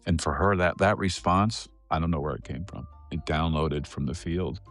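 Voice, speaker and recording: A middle-aged man with a low voice recounts a story in an earnest, emotional way. He is a psychotherapist talking as a podcast guest, and faint music plays softly behind him. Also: normal speed.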